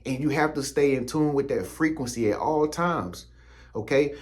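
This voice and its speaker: A man's voice: mid-range voice, normal speed. Slangy preachy man talking straight to you. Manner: preachy, slangy, repetitive, addresses viewer directly. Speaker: spiritual content creator. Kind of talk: casual motivational spiritual talk.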